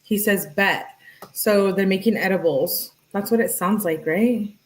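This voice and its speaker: A woman's voice: medium pitch, measured pace, low-quality recording. A woman casually reading text messages aloud and adding her own comments, chatting with her viewers as she goes. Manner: reads messages aloud and chats with live viewers. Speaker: true crime commentator.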